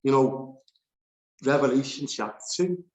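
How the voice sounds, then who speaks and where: A man teaching a Bible study, animated and laughing between his points as he reads scripture aloud. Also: mid-range voice, measured pace, roomy sound, muffled recording.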